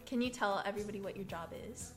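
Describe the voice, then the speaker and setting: A woman's voice: mid-range voice, fast talker, music in the background. A young woman in her twenties co-hosting a casual podcast, teasing and playful, laughing often. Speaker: podcast co-host. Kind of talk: casual chat.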